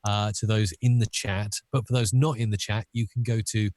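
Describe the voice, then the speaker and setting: A British man, an audio expert guest on a video call, chatting casually and quickly with plenty of "uh" fillers. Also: on the low side, steady tone, a little mellow, no room sound. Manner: friendly, quick, with frequent "uh" fillers. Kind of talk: casual interview chat.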